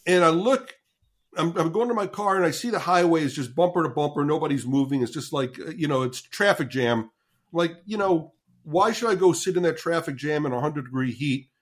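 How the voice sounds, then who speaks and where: A marketing consultant in his sixties tells a story as a podcast guest. His voice is a little high and animated, and he often stumbles, repeats words and swears casually.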